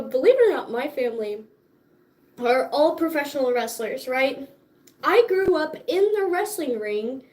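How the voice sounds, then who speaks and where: A young woman hosting a casual livestream, chatting in a bubbly, profane way and laughing often, tired and sore after dance class. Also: sits high. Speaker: livestream host.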